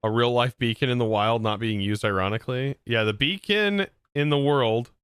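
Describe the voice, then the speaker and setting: During a gameplay livestream, this man talks in a rambling, casual way, often restarting sentences and laughing. His voice is medium-pitched at normal speed, a bit bright, clear and resonant, with no echo.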